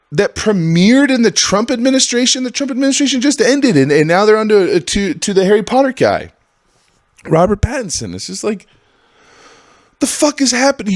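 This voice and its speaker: A man in his thirties hosting a solo podcast, ranting with constant swearing and jumping into high, exasperated outbursts. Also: very animated, normal speed, no room sound, clean studio sound. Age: 30s. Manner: profane, ranting, swings into high exasperated bursts. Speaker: podcast host.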